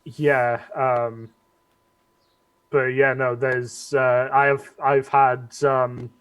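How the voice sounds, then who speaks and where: A man's voice: mid-range voice, flat delivery, extremely slow, fairly bright tone, smooth. A man, a guest cosplayer, chatting casually and hesitantly, with many restarts as he tells a story. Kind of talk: casual chat.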